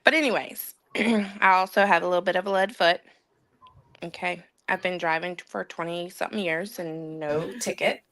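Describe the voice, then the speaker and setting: A woman's voice: on the low side, moderate pace, fairly bright tone. A woman in her thirties telling a funny story on a casual podcast, laughing as she goes. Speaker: podcast co-host.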